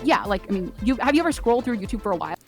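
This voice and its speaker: Very fast-talking woman in a debate. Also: on the high side, big pitch swings, soft background music. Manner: rapid, hesitant restarts. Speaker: debater, streamer. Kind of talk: casual debate on a call.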